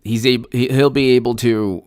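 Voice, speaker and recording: A man's voice: medium pitch, fairly even intonation, normal speed, darkish tone, no room sound. A man with a mid-range voice delivers solo political commentary, firing rhetorical questions and circling back to his own points. He stumbles and restarts often and laughs in scorn between claims. The sound is close and dry. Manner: frequent restarts and fillers, mocking laughs.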